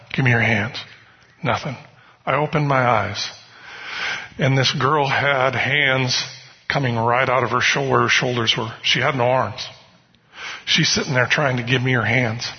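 Here a man with a husky, medium-pitched voice delivers a sermon built on personal anecdotes, speaking conversationally and often posing "you know what?" The sound is muffled, with long hall reverb.

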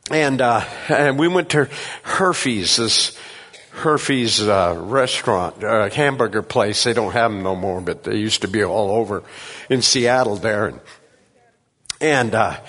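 A man preaching a sermon in a church sanctuary, telling personal stories and acting out voices with animated delivery. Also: medium pitch. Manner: animated storytelling, acts out voices. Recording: long reverb of a hall.

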